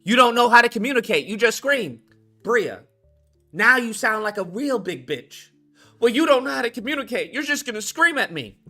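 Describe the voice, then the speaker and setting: A man's voice: extremely high pitch, big pitch swings, normal speed, bright, forceful tone, faint music behind. A man hosting a live stream, ranting in a heated, mocking and profane way, taunting a viewer to call in.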